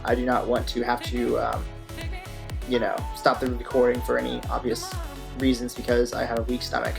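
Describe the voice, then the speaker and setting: A man's voice: mid-range voice, creaky. A young man talking casually as host of a music reaction video, rambling with lots of fillers. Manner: rambling, filler-heavy, upbeat.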